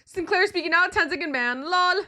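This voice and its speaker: A woman streamer chatting casually and excitably with slang while playing a game live. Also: extremely high pitch, fairly quick. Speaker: gaming streamer.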